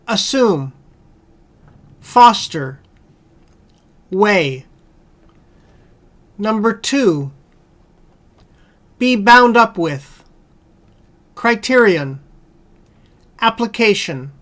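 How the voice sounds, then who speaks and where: Very slow woman reading a word list. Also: medium pitch. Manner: slow, measured, one word at a time with long pauses. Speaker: vocabulary reader.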